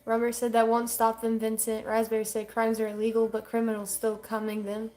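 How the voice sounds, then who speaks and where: A woman co-hosting a casual livestream, reading chat comments aloud quickly and laughing often. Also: fairly high pitch, completely flat delivery, a little mellow.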